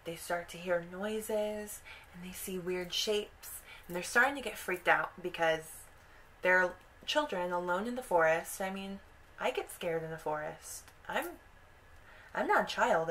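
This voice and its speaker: Young woman vlogger, casual and animated, slow-paced storyteller who acts out quotes. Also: fairly low pitch, rough recording. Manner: animated retelling with quoted voices. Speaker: video host.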